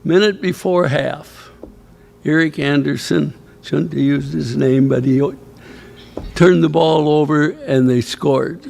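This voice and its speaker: Older male former coach, gravelly, slightly high voice, meandering anecdotal speaker. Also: steady tone, takes it slowly, a little mellow. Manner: rambling anecdotal storyteller, chuckling, quoting others. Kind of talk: storytelling speech at an awards ceremony. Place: banquet hall at a ceremony.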